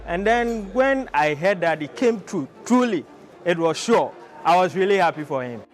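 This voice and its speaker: Excited male teacher, raised voice. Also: high voice, moderate pace, soft background music. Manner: excited, emphatic. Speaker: schoolteacher. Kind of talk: interview answers.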